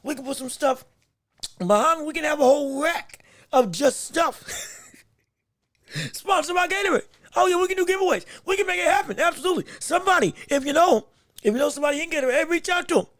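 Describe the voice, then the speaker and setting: Male podcast host, solo talk, excitable and rambling, repeats himself, slightly hoarse strained voice, dry close sound. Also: very high voice, quick pace, no echo.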